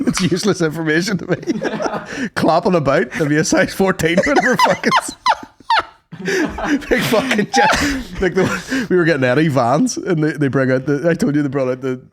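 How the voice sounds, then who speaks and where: A man co-hosting a podcast, his pitch sitting a little high and swinging widely as he jokes. His banter is sweary and playful, full of quick riffs. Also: husky. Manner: jokey, animated banter, sweary. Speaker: podcast co-host. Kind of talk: casual chat.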